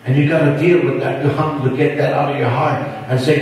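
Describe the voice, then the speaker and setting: A man's voice: mid-range voice, level tone, quick pace, hardly any pauses, a little mellow, slight background noise. A man preaching a fervent revival sermon, emphatic and given to repeating phrases. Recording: echoey hall from far off.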